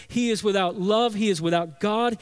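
Man, pastor, sermon, fairly high voice, earnest, emphatic repetition. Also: moderate pace, clean tone. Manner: earnest, emphatic, builds with repeated phrases.

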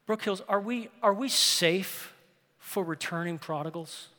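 A man preaching a sermon from the pulpit, swinging between impassioned loud passages and hushed storytelling. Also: high-pitched, measured pace. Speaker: pastor. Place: large church sanctuary. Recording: long reverb of a large hall.

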